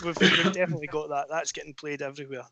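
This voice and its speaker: A man's voice: on the high side, fairly even intonation, rapid-fire, pushed and bright, no room sound. A man co-hosting a podcast, chatting casually and mocking his friends. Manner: mocking, banter. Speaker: podcast co-host. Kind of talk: casual chat.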